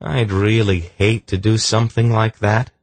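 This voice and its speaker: Calm stubborn young guy in an audiobook, mild tone, low husky voice, man reading him. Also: moderate pace, dry recording. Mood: patient. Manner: mild and bland. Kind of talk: audiobook character voice.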